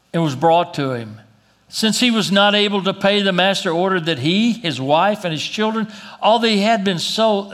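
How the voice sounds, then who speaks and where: A man preaching a sermon as pastor, reading scripture aloud and dropping low and slow to press his points, with an occasional cough. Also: fairly bright tone. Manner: reads scripture then drops low and slow for emphasis; coughs now and then.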